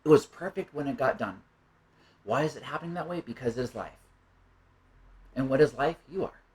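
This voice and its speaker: Man, mid-pitched voice, reflective monologue, rambling and musing, tag questions throughout. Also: animated, fairly quick, a little mellow, low-quality recording. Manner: rambling, musing, keeps asking "right?". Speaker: monologue speaker.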